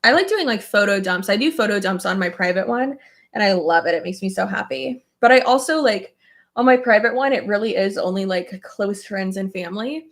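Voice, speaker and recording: Brisk and mid-range, a young woman's voice carries a casual get-ready-with-me chat as she does her makeup at home. This beauty vlogger leans on fillers and casual swearing, and her mood is open and emotional: frequent laughter, occasional tears close by.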